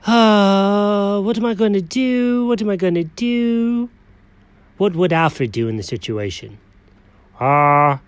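A performer voicing an excitable, chatty male house cat who frets aloud and bursts into dramatic outcries, in a one-person comedic audio story. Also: mid-range voice, no echo, lightly acted. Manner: talks to himself, frets, dramatic outbursts.

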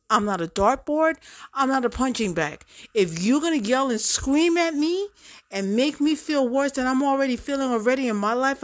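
A middle-aged woman talking straight to her viewers in a casual monologue, emphatic and repeating herself for effect. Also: a little high. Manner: emphatic, repetitive, addresses audience directly. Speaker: vlogger.

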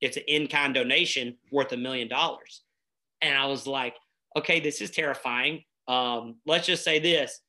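A man, telling stories in a casual, energetic conversation as a guest, with many fillers. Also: medium pitch, normal speed. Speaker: nonprofit founder and guest.

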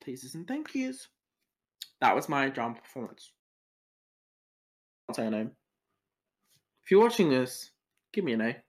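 Animated teenage boy ranting solo. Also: mid-range voice. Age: teens. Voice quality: animated, sweary ranting, fast tangents. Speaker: podcast host. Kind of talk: solo podcast rant.

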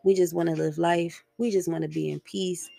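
A young woman talks through a solo podcast episode in a loose, slangy, meandering way, with a few swear words. Her voice sits on the low side with a gravelly fry at the edges. It sounds close and dry, with faint music underneath. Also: fairly even intonation, normal speed, warm tone, no room sound. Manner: slangy, rambling and candid, swears freely. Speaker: podcast host. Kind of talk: casual solo podcast monologue.

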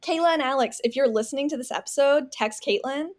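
Her voice is high-pitched and quick as she co-hosts a podcast, casually discussing a book. Chatty by nature, she drops "like" as a filler again and again.

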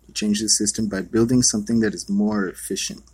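Husky, rambling male podcaster. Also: lowish voice, steady tone, a little fast, darkish tone. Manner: loose, profane, meandering with many fillers. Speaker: podcast host. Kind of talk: rambling monologue.

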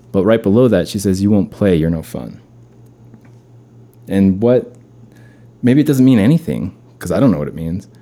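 A man's voice: lowish voice, dark tone. A man hosting a podcast, casually rambling through a funny story with chuckles. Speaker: podcast host.

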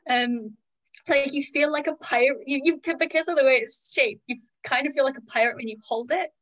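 Brisk and a bit bright, a woman with a high voice chats casually as a podcast guest. She is blunt and opinionated, her speech thick with "like" and "um," and the audio quality is dull and lo-fi.

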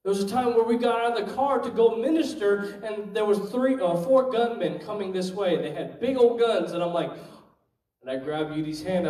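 A male minister telling a faith testimony in an animated way, acting out the voices of the people in his story. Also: high voice, normal speed, a little hiss or hum. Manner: animated, acts out quoted voices. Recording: echoey room, distant mic.

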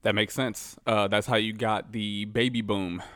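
A man co-hosting a podcast in jokey, quick casual banter. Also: fairly low pitch, little pitch movement, fairly bright tone, no room sound. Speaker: podcast co-host. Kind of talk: casual chat.

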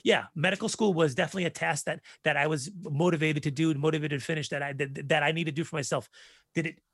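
A man in his forties telling stories in a casual chat, animated and profane. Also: on the high side, fast, dry recording, clean studio sound. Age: 40s.

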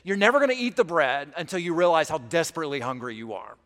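A man preaches in a relaxed, conversational way, dropping folksy asides into his sermon. His voice sits a little high for a man. A long reverb trails after his words, as in a church sanctuary. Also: quick pace. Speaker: pastor.

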